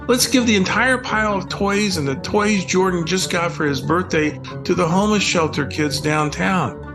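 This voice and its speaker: A man's voice: sits high, normal speed, music in the background, pitched above the performer's own voice. An older man voicing a wise eight-year-old girl in a bedtime story, speaking earnestly. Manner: earnest, helpful.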